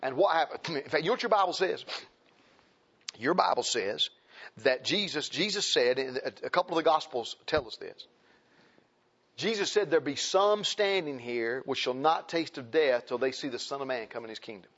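A preacher delivers a sermon, driving points home by repeating them and reading King James scripture aloud. His voice sits a little high for a man. The recording is muffled and lo-fi. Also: animated, normal speed, a bit bright. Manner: emphatic, repeats phrases, exhorting.

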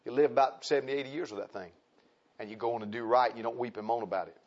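A man preaching a fiery sermon, emphatic and repetitive, swinging between shouts and hushed tones. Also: medium pitch, rapid-fire. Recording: dull lo-fi recording.

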